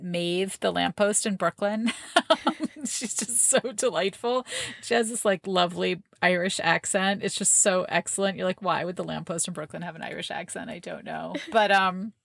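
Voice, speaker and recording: A woman's voice: medium pitch, creaky, a bit bright, no room sound. A woman co-hosting a parenting podcast, talking casually and enthusiastically with many fillers and laughs. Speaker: podcast co-host. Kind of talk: casual chat.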